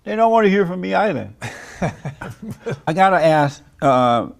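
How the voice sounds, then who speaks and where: A man's voice: high-pitched, very animated, a little slow, vocal fry. A man hosting a talk show interview, teasing and provocative, laughing often as he pushes his guests. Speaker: host.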